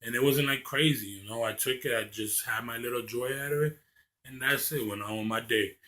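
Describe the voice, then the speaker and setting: A young man from Maryland speaks straight to his camera in a casual, rambling vlog. He sounds earnest and restarts his sentences often, stumbling over the first word. His voice sits at an ordinary middle pitch for a man. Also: brisk, pushed and bright. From Maryland, USA. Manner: earnest, rambling, repeats words when starting a thought. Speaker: vlogger.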